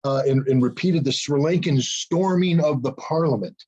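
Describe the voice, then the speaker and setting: Older male guest, blunt and sarcastic, slightly high, husky, dull remote sound. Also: moderate pace, warm tone. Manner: blunt, sarcastic, many ums and restarts. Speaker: interview guest. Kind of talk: political commentary interview.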